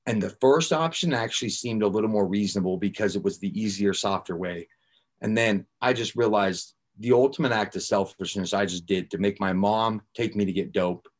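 A man's voice: fairly low pitch, slightly rough. A man guest on a podcast, telling his own recovery story candidly, blunt and raw with casual swearing and filler words.

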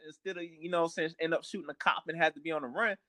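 A man's voice: fairly high pitch, steady tone, racing, bright, forceful tone, dry recording. A young man co-hosting a family podcast in casual chat, blunt and profane, often repeating words as he starts a thought. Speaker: podcast co-host.

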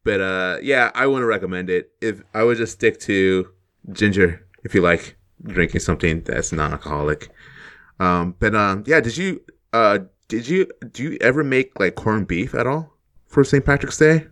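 A man's voice: lowish voice, normal speed, fairly bright tone. A man co-hosting a live-streamed podcast, chatting in an easygoing way and chuckling often. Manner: easygoing, chuckling, many fillers. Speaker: podcast co-host. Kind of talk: casual live-stream chat.

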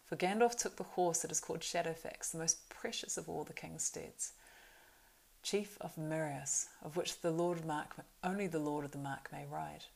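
Brief: proud young male horse-lord, as a woman reads him; earnest, urgent; low, gravelly voice. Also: normal speed, darkish tone, poor audio. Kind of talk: audiobook reading.

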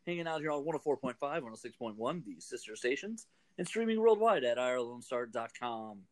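A man's voice: medium pitch, animated. A man hosting a casual radio show, joking and laughing easily with his guest. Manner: jokey, laughs easily, quick asides.

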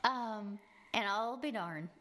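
A woman's voice: medium pitch, slow pace, bright, forceful tone, slight background noise. A woman chatting casually about her home, laughing often and trailing off mid-sentence. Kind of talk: casual chat. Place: home in Italy.

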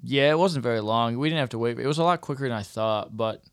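A man from Michigan with a Michigan accent, co-hosting a casual hunting podcast in a relaxed way and laughing easily. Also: mid-range voice, quick pace, clear, resonant tone, no room sound, clean studio sound. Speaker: podcast co-host.

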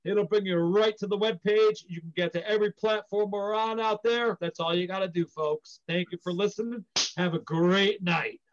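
A man's voice: sits high, steady tone, normal speed, few pauses. A man co-hosting a podcast in casual chat, earnest and a bit wordy, on a dull lo-fi recording. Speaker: podcast co-host.

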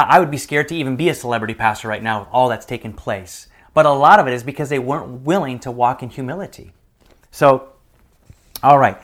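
Man preaching a sermon, middle-aged, fairly high voice, lively storyteller dropping to a hush. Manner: storytelling, swings between lively and hushed. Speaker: pastor.

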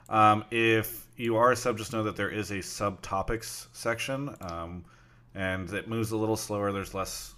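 A man's voice: low-pitched, a bit bright. A man hosting a live stream talk show, chatty and loose, thanking subscribers and taking callers with lots of fillers. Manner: chatty, reads out subs with frequent fillers. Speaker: stream host.

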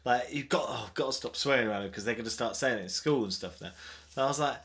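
A man's voice: medium pitch, fast, a bit bright. A young man co-hosting a podcast, chatting sheepishly and laughing through his own stories. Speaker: podcast co-host. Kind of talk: casual banter.

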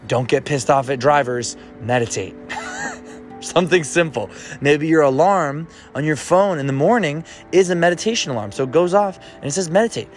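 A man's voice: a little high, expressive, a little fast, few pauses, soft background music. Easygoing man giving a motivational talk. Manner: casual, playful, coaching, laughs often. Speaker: podcast host. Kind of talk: motivational self-help talk.

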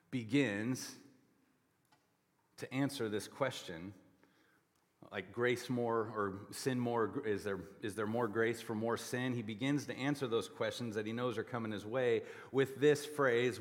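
A man preaching a sermon as pastor, explaining scripture and pressing his points with forceful repetition. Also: mid-range voice, in a large hall. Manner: emphatic, rising to forceful repetition. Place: church sanctuary.

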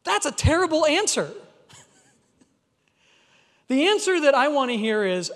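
A man's voice: extremely high pitch, big pitch swings, measured pace, long pauses, a bit bright. A man preaching a sermon as pastor, in an emphatic, conversational way. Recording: long hall reverb.

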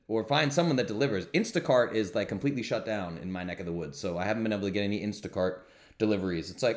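A man's voice: fairly low pitch, quick pace. A man hosting his own podcast, talking in an upbeat, rambling way with self-mocking asides. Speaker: podcast host. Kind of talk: casual solo podcast talk. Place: home studio.

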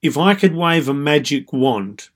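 A man who works as a dating coach, giving calm, explanatory advice in a monologue with frequent "so" and "you know". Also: fairly high pitch, measured pace.

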